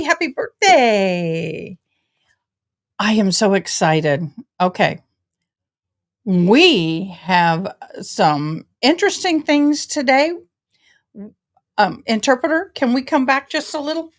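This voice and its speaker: A woman's voice: fairly high pitch, takes it slowly. A woman hosting a casual livestream, bubbly and effusive, greeting viewers as y'all. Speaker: host of a legal news channel.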